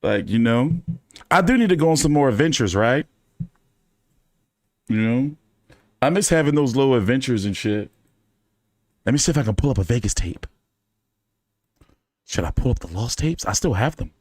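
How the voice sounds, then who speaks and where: A man hosting a casual fan chat, telling stories in an animated, profane way with many fillers. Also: medium pitch, moderate pace, pauses often, dry recording, studio quality. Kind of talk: casual storytelling to a live chat.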